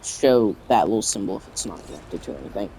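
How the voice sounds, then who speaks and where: A man narrating a casual video game tutorial, reading the game's on-screen text aloud in a halting way with stumbles, his voice wearing out. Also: fairly low pitch, animated, mellow, a little hiss or hum, rough recording. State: losing his voice. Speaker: gaming channel creator.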